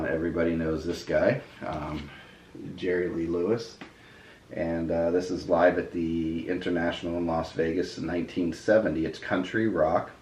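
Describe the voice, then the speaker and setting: A middle-aged man hosting a casual record review chat, relaxed and rambling with plenty of ums and uhs. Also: low-pitched, far from the mic. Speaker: host of a record review channel. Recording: roomy echo, voice a bit off the mic, faint background hiss.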